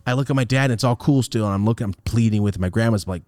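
A young man telling a story on his podcast in a casual, animated way, swearing and acting out the lines of the people he quotes. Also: fairly low pitch, racing, no echo, clean studio sound. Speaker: podcast host.

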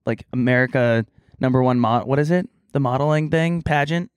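A man co-hosting a casual podcast chat, telling stories in an animated way. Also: brisk, clear, resonant tone, dry recording, clean studio sound. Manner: animated storyteller, bursts into loud high impressions. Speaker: podcast co-host.

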